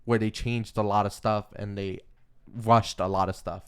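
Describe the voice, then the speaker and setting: A young man co-hosting a casual podcast, with a lower, clear and resonant voice. He rambles and corrects himself as he goes, trading quick takes with a friend. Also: fairly even intonation. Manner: chatty, self-correcting, laughs easily. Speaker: podcast co-host. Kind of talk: casual chat about comics and movies.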